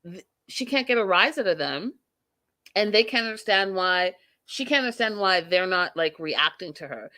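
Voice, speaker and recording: A woman hosting a TV recap show, giving blunt, opinionated commentary to her viewers and swearing freely. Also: mid-range voice. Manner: animated, talks directly to viewers.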